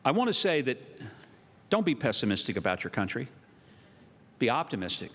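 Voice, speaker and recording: A man's voice: mid-range voice, big pitch swings, brisk, fairly bright tone, slightly rough. Folksy older Southern man in a hall. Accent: Southern American. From Southern United States. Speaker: speaker addressing university students. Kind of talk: humorous folksy speech. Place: large auditorium. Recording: long reverb of a large hall.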